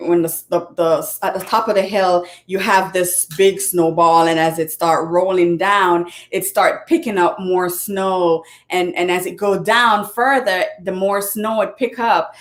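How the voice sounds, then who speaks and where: A woman who is a motivational speaker and author, giving an earnest, casual talk. She repeats her points, often restarts her sentences, and now and then fumbles for words. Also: on the low side. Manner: earnest and repetitive, with frequent restarts.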